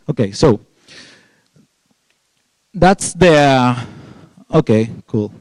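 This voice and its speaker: A man's voice: fairly high pitch, lively intonation, a little slow, darkish tone, no room sound, low-quality recording. A young man from Spain with a Spanish accent, giving a casual conference talk full of restarts and jokey asides to the audience. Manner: casual, rambling, with many restarts and fillers. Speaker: conference speaker. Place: conference hall.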